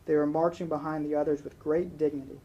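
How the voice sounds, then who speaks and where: A man's voice: fairly high pitch, little pitch movement, quick pace, lo-fi sound. A man preaching a sermon, talking conversationally and reading a long story passage aloud.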